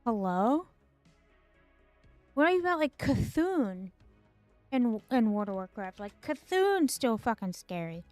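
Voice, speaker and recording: A woman's voice: a little high, big pitch swings, measured pace, a little mellow, no room sound, faint music behind. A woman streamer ranting in casual commentary, exasperated and sarcastic, swearing and piling up fillers.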